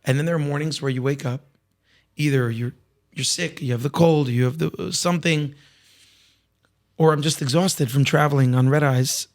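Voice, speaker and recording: A man with a slightly raspy voice, a singer talking candidly as a podcast guest, reflective and full of restarts. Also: fairly high pitch, steady tone, normal speed, long pauses, a little mellow. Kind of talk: casual interview conversation.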